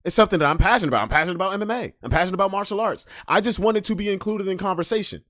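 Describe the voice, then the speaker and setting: A man hosting a podcast, ranting casually, swinging from loud emphasis to low mutters. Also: very fast, dry recording, clean studio sound. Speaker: podcast host. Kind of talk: casual monologue rant.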